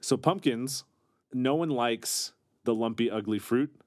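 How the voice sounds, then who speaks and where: A man's voice: medium pitch, measured pace, no echo, clean studio sound. A man co-hosting a casual comedy chat, joking and laughing often. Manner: jokey, animated, laughs often. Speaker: podcast co-host.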